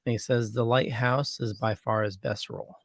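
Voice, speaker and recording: Man, podcast co-host, casual chat, hesitant, mid-pitched, dry close sound. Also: steady tone, moderate pace, gravelly, no room sound. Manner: hesitant, trails off and backtracks.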